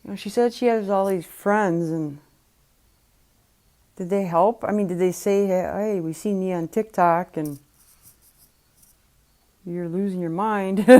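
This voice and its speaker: A woman's voice: mid-range voice, slow pace, long pauses, warm tone. A woman hosting a reaction video, commenting casually with musing, speculative asides.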